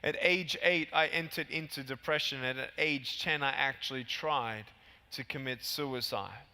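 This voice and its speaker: A man's voice: medium pitch, unhurried. A man in his thirties giving a motivational keynote speech at a large convention, telling stories and acting out the scenes. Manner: animated storytelling, acting out scenes. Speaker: keynote speaker. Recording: long hall reverb from PA.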